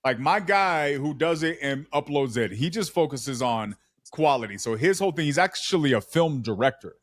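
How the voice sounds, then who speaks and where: A man chatting casually on a podcast and telling stories in a slangy, animated way. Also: a little high, normal speed, dry recording, clean studio sound.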